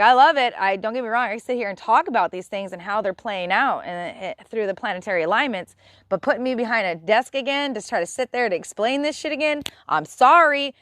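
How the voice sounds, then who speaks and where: A woman's voice: medium pitch, fairly bright tone, dry recording, studio quality. A woman hosting a live stream who talks bluntly and exasperatedly in a casual spiritual rant, swearing freely.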